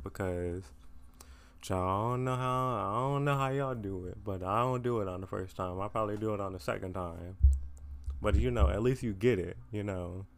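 A man's voice: medium pitch, clean tone. A teenage young man hosting his own podcast, talking casually and tiredly, rambling with lots of fillers and self-deprecating asides. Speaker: podcast host. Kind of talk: casual solo chat.

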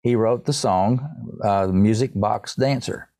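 A man's voice: fairly low pitch, slow, creaky, mellow, dry recording, clean studio sound. A man being interviewed, telling a long rambling story about his music and often restarting his sentences. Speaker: songwriter guest.

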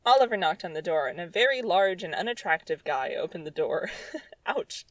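A woman's voice: lowish voice, expressive, normal speed, dry recording, low-quality recording. Woman sarcastically reading her old story. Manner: sarcastic, exasperated asides with laughs. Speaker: reader of her own childhood story. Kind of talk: comedic reading with commentary.

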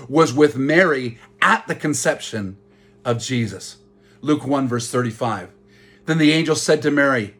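A man with a slightly raised pitch and a husky edge preaches a sermon. He talks earnestly, circling back over key phrases to drive them home. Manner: earnest, repeats phrases for emphasis. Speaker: pastor.

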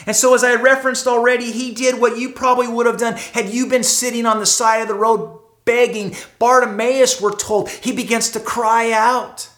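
A pastor preaches a dramatic sermon on a streamed service mic, surging to loud, emphatic peaks and sinking into hushed passages while repeating words and phrases for weight. His mid-pitched voice rings through a roomy, echoey hall, the delivery flat and at normal speed with hardly any pauses.

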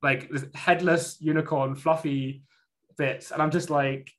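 A man's voice: fairly high pitch, fairly even intonation, measured pace. A man in casual conversation, telling a personal story with many restarts and fillers.

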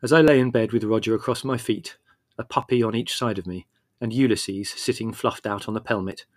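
With a lowish voice, a man narrates a scripted audiobook, measured yet expressive in how he tells the story. The studio sound is clean, with no room sound at all.

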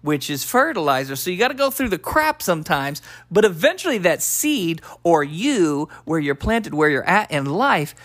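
A man's voice: fairly high pitch, sing-song, normal speed, few pauses, a bit bright. Jokey, rambling man podcast host. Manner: jokey, rambling life advice. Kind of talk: playful family podcast banter.

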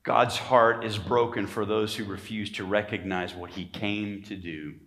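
A man's voice: on the low side, fairly even intonation, measured pace. A male pastor preaching a sermon emphatically, calling for amens from the congregation. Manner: emphatic preaching, calls for amens, rising to shouts. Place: church sanctuary.

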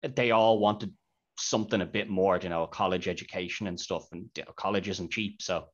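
A man's voice: low-pitched, fairly quick. A man hosting a podcast, chatting casually about a film and retelling scenes with quoted lines. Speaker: podcast host. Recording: dull lo-fi podcast audio.

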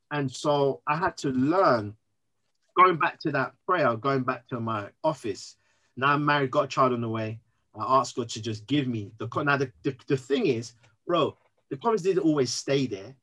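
A man, speaking as a podcast guest, earnest and emotional, telling his story in an animated way. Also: medium pitch, normal speed, low-quality recording. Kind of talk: candid interview conversation.

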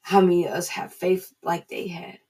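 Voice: medium pitch, flat delivery, normal speed, darkish tone, husky. A speaker giving an informal devotional talk, earnest and repeating key phrases for emphasis.

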